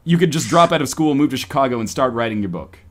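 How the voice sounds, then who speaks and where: A man's voice: mid-range voice, lively intonation, fast, fairly bright tone. A man hosting a casual podcast, reading a choose-your-own-adventure story aloud to friends in a playful, mock-dramatic way. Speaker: podcast host.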